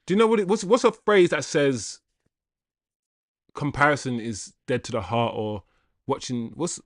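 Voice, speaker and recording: A man's voice: medium pitch, normal speed, no echo. A man hosting a live fan stream, talking straight to his chat in an exasperated way and reading out viewer comments. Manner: reads viewer comments aloud. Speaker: livestream host.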